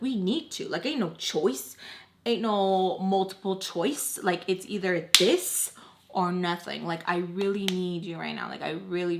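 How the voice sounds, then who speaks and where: A young woman, a storytime vlogger, tells a personal story casually and emotionally, packed with fillers like "like" and acting out what other people said in their voices. Her voice is on the low side with a fairly bright tone.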